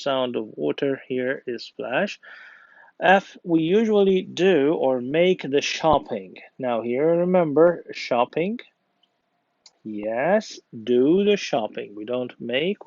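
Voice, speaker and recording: A man's voice: a little high, vocal fry, no echo. A male English teacher with an Egyptian accent, patiently going through grammar exercises and praising the class. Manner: patient, encouraging, reads exercises aloud. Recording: dull lo-fi dry recording.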